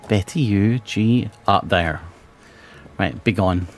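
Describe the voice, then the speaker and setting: A man's voice: lowish voice, takes it slowly, faint music behind. Sweary British man streaming a game. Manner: chatty, sweary, swings from mumbling to excited. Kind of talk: casual gameplay chat.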